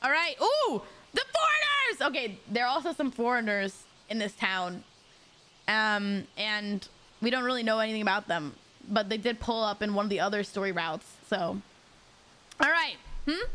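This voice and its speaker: A woman's voice: mid-range voice, expressive, moderate pace, bright, forceful tone. A young woman streamer chatting casually and swearing freely while playing a story game. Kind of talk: casual gaming commentary.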